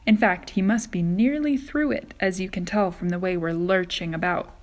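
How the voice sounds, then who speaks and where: A woman voicing a kind and gentle female ladybug who patiently explains things in a storybook reading. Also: on the low side, moderate pace, natural voice. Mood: kindly. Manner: kindly, explaining.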